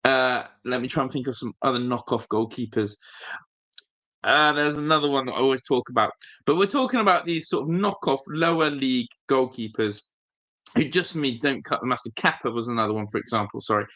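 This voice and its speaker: A man hosts a casual football live stream, rambling through his thoughts and answering viewers' comments. His voice sits mid-pitch with a bright, forward edge, and he speaks with plenty of fillers and restarts. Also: fairly quick. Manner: chatty, rambling, reads viewer chat aloud. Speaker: football fan channel host.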